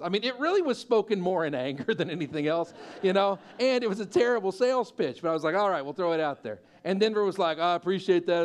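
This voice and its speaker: A man with a high, bright-toned voice preaches to his church. He tells stories with energy, acting out other people's lines and pushing to loud, excited peaks. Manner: animated storyteller, acting out quoted voices and building to loud peaks. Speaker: pastor. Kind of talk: sermon with storytelling.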